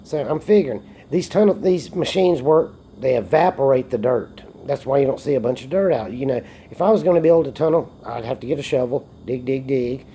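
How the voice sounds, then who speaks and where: A man's voice: mid-range voice, lively intonation, a little fast, hardly any pauses, warm tone, slight background noise. A man, a bit tipsy from beer, rambling and joking through a casual monologue recorded on a phone and swearing often. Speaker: vlogger.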